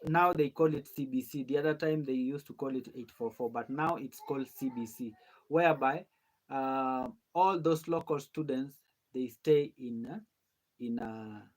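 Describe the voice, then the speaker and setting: A man hosting a casual online group chat, asking halting questions and repeating words as he searches for them. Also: mid-range voice, steady tone. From Kenya.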